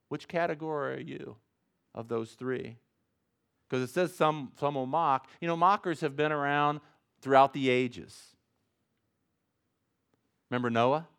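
A male pastor preaching a sermon, with big swings between loud and soft and jokes along the way. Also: medium pitch, smooth.

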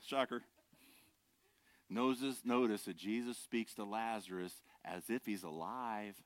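An older man preaching a sermon. He is animated and swings between loud, impassioned lines and quiet, wry asides. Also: mid-range voice, no room sound. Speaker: pastor.

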